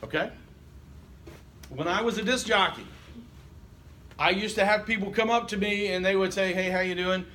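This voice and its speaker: A man's voice: high-pitched, normal speed, long pauses, sharp tone, slight background noise. A man teaching a college class, with wry, joking asides to his students. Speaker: college instructor. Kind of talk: classroom lecture. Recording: echoey classroom from far off.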